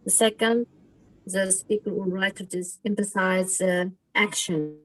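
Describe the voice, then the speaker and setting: A woman student answering her teacher in an online class, halting and searching for words. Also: mid-range voice, fairly even intonation, poor audio.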